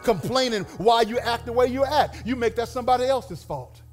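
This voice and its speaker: A male pastor preaching a sermon with lively pitch swings and playful acted asides. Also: a little fast. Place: church. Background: music.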